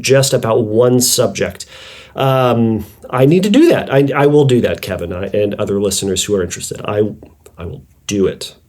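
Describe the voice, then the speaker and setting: A man's voice: medium pitch, darkish tone. A man hosting his own podcast, talking casually and rambling, reading a listener's email and putting on silly voices while he retells a story. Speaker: podcast host. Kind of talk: casual solo podcast talk.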